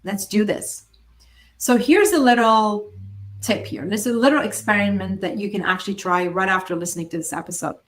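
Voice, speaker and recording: A woman hosting a solo motivational podcast, speaking in an earnest coaching tone with emphatic pauses. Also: medium pitch. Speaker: podcast host.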